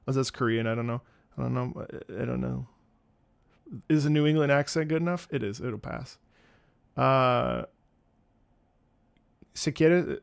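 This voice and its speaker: A streamer and opera singer in his thirties chats playfully and casually with viewers during a live stream, stumbling through greetings in other languages. His mid-range voice is unhurried and creaky, clear and resonant, with long pauses.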